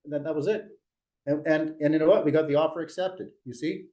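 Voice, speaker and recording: Animated man coaching a sales team. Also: fairly high pitch, fast talker. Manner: animated, coaching tone with frequent restarts. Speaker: real estate team leader. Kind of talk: storytelling at a sales meeting.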